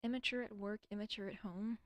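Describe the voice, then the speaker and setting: Speaking fast in a mid-range voice with fairly even intonation and no room sound, a woman rambles by herself on a relaxed stream. Profanity comes often, she stumbles on words and sometimes whispers, and her humor is self-deprecating.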